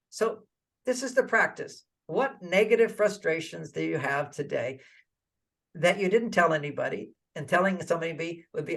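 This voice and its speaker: Gravelly, higher-pitched older man giving advice. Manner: animated, acts out quoted dialogue. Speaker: relationship author and guest. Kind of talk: advice talk in an interview.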